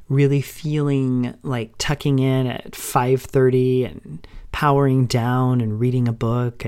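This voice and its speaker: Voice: mid-range voice, a little mellow. A middle-aged podcast host giving a reflective personal monologue, speaking in an open, emotional way and stringing long thoughts together with "and". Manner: open and emotional, long run-on sentences linked with "and".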